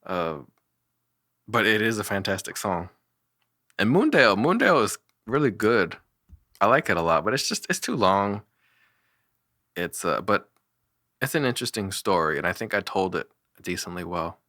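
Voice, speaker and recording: A man's voice: on the low side, big pitch swings, normal speed, long pauses, sharp tone, no echo, studio quality. A young man casually talking through his own songs, rambling with many fillers and self-deprecating laughs. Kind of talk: casual solo commentary.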